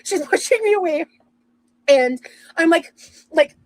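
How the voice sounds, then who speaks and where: A woman's voice: very high voice, lively intonation, a little slow, no room sound, poor audio. A young woman telling a rambling personal story in casual chat, with lots of fillers and restarts. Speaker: streamer and podcast host.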